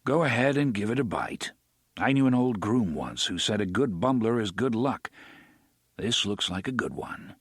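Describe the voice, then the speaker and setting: A man voicing a calm, terse gunslinger who speaks in a dry, matter-of-fact way. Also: lowish voice, moderate pace, breathy edge, no echo.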